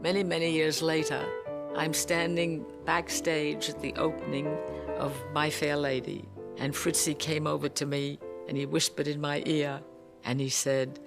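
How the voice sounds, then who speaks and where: An older man with a slightly high, gravelly voice recounts old memories as a lively storyteller. Faint music runs behind him. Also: unhurried. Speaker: interviewee. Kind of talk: reminiscing anecdote.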